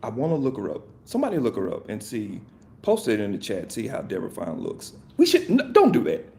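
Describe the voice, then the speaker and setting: A man's voice: fairly low pitch, huge pitch swings, brisk, vocal fry, warm tone. A man hosting a podcast, talking in a casual, rambling and jokey way, correcting himself and laughing often. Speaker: podcast host.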